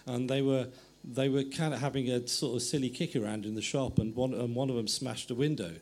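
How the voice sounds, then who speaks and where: Meandering middle-aged male author, mid-pitched. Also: steady tone, a little fast, darkish tone. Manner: meandering, self-correcting storytelling. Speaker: author guest. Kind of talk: anecdotal conversation.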